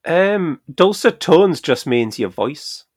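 A man's voice: on the high side, very animated, slow pace. A man co-hosting a podcast in casual chat, dry and matter-of-fact. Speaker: podcast co-host.

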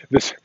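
Rambling man on a muffled walking podcast. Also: no room sound. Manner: chatty and self-talking, chuckles often. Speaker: podcast host. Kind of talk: rambling casual monologue. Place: outdoors, walking a dog.

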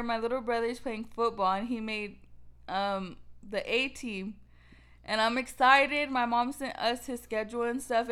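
A woman chatting on a casual podcast, her voice sitting a bit high. She tells stories with emphatic, animated delivery, full of "like" and "y'all". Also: clear, resonant tone. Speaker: co-host.

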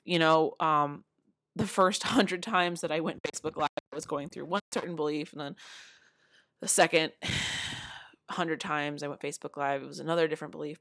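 Woman, low voice, dry close sound, earnest casual vlogger. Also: no echo. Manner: earnest, many fillers, with laughs. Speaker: motivational speaker. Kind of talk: casual talk to camera. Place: city home.

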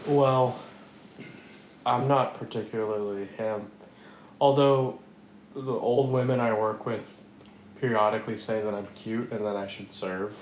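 A man guesting on a podcast, chatting casually with a laid-back, wry manner and quick crude comebacks. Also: on the low side, fairly even intonation, darkish tone. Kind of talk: casual comedic chat. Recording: echoey room with faint noise.

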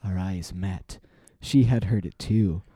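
A man's voice: low voice, slow pace, warm tone, breathy edge, no room sound. A man co-hosting a podcast, reading a book aloud in a casual way and stopping now and then to comment. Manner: reads a book aloud, often laughing and breaking off to comment. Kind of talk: casual read-aloud with chat.

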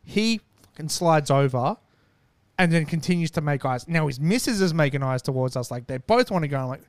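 Man, casual storytelling, swears freely, slightly high voice, dry close sound. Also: brisk, dry recording. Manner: animated, profane, acts out quotes.

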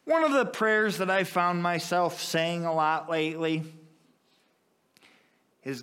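A man preaching a sermon as pastor, with impassioned swells in pitch and volume. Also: slow pace, long pauses, a bit bright, clear, resonant tone.

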